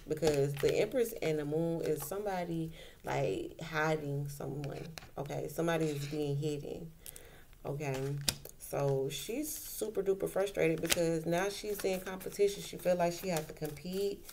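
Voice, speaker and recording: A woman's voice: low-pitched, measured pace, gravelly, background noise. A woman doing a casual tarot reading, talking in a colloquial way and repeating her points for emphasis. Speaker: tarot reader.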